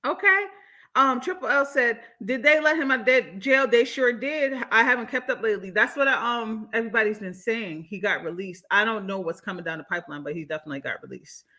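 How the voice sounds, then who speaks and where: A young woman hosting a livestream, reading out chat comments and reacting with animated, outspoken commentary, laughing often and swearing. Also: fairly high pitch, a little fast.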